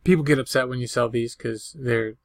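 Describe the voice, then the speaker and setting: An older man speaks a little fast at medium pitch, no echo, in a casual show-and-tell vlog about his eBay reselling. He rambles folksily over each item, rattling off purchase prices, sale prices, and dates.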